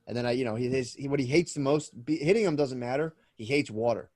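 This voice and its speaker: A man's voice: medium pitch, quick pace, a little mellow, no room sound, clean studio sound. A man in his thirties, a podcast co-host, telling stories in a rambling, profane way with lots of restarts. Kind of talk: casual chat.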